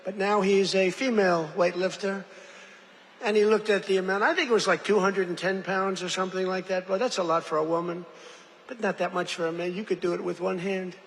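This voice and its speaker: Rambling rally speaker, bright high voice. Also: male voice, steady tone, a little fast. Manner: rambling, digressive, repeats phrases; jokey asides to the audience. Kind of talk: off-the-cuff rally speech. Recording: long hall reverb, faint background noise.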